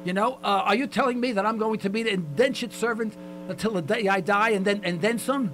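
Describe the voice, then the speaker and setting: A man's voice: high voice, fairly quick, a bit bright, slight background noise. A man hosting a call-in radio talk show in a folksy, emphatic way, repeating phrases for effect, his voice starting to go.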